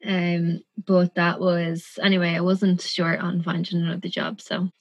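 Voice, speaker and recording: Woman in her twenties, chatty storyteller, slightly low voice, dry close sound. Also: level tone, measured pace, breathy edge, no room sound, muffled recording. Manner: chatty, sweary, lots of "like". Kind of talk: casual storytelling chat.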